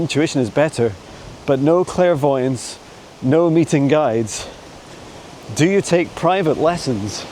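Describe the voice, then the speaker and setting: Here a psychic mentor fields viewer questions during a casual walking vlog in the woods, holding a phone camera while out with his dog. His voice is a little high and his talk chatty and wandering, full of soft laughs. Slight background noise and poor audio mar the clip.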